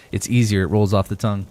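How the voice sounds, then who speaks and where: Lowish-voiced chatty male streamer. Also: brisk, a little mellow. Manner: loose, chatty, swears casually and laughs often. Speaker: gaming streamer. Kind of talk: live-stream gameplay chat, reading viewer messages.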